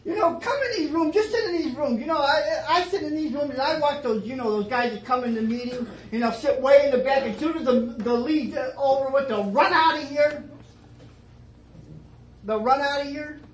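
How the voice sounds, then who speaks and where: A middle-aged man telling his story at a twelve-step meeting, starting low and emotional and rising to fervent emphasis, with many repeated phrases. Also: brisk, few pauses. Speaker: recovering alcoholic sharing his story. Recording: echoey meeting room, faint noise.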